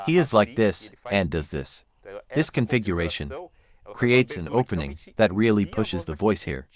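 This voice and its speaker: A man, a classical bass singer, calmly explaining vocal technique step by step while reacting to a live performance. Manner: calm, explanatory, walks through vocal anatomy step by step. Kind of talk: reaction commentary analysing singing technique.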